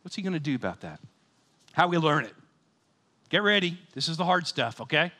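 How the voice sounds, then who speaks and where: Bright-voiced preacher in his fifties. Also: on the high side, a little fast. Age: 50s. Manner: animated, swings between loud excited bursts and quiet sober readings. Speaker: pastor. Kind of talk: sermon.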